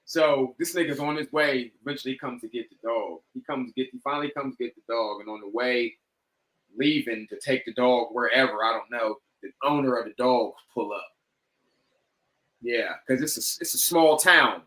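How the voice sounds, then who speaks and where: A man on a podcast telling a story casually, animated and profane, acting out what people said. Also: mid-range voice, normal speed, poor audio. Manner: animated, profane, acts out quoted lines. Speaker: podcast guest.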